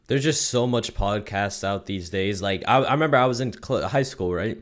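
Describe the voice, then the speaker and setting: A young man hosting his own channel, delivering a profane, mock-zealous comedic rant that swings from muttering to shouting. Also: fairly low pitch, normal speed, hardly any pauses. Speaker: YouTube commentator.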